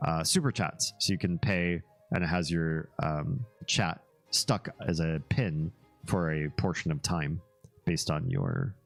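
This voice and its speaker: A deep-voiced livestream host chats casually, reacting to a web page and his chat. He's easygoing and rambling, drifting into asides and little laughs.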